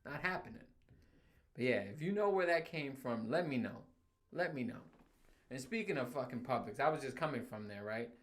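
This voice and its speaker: A man's voice: medium pitch, a little fast. A young man hosting his own podcast, ranting in casual, profane solo talk that he breaks up with laughs and sudden outbursts. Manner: profane, animated storytelling with frequent laughs. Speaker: podcast host.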